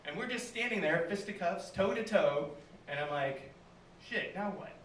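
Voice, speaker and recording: A man with a notably high voice performs a stand-up set, acting out the people in his story and laughing along at his own jokes. He sounds distant from the mic, in a room with strong echo and a faint hum of background noise. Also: lively intonation, moderate pace, fairly bright tone. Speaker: stand-up comedian. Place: small live venue.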